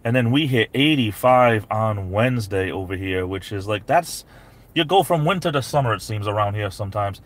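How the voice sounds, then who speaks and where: A man chats casually on a live stream from inside his parked SUV. His voice sits on the low side, and he rambles easily and greets viewers one by one by name. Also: animated, normal speed. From New England.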